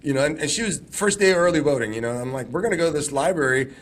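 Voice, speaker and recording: Texas guy telling a story on a podcast, highish voice, does little voices for people. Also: quick pace. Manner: animated storyteller, acts out quoted voices. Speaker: former congressional candidate.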